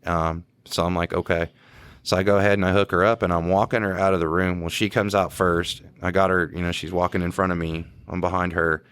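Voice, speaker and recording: Deep-voiced dude on a podcast rattling off a story quick, lots of slang. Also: male voice, smooth, dry recording. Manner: quick, animated telling with slang. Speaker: podcast co-host, police officer. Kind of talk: casual storytelling chat.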